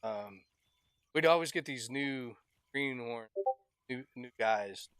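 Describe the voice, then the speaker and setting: A man's voice: mid-range voice, takes it slowly, a bit bright, clean tone, no echo, clean studio sound. A man chatting casually while playing a fishing game, telling laid-back, rambling work stories and laughing often into a headset mic. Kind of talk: casual chat while gaming.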